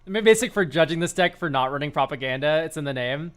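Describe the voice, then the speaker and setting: A man streaming live and reviewing viewers' card decks, excitable and quick to laugh, swearing casually. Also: fairly high pitch, smooth. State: choked up, near tears.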